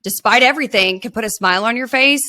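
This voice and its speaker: A woman's voice: fairly high pitch, quick pace, bright, forceful tone. A woman hosting a podcast, chatting casually and enthusiastically with her guest and swearing now and then. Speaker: podcast host. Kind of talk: casual interview chat.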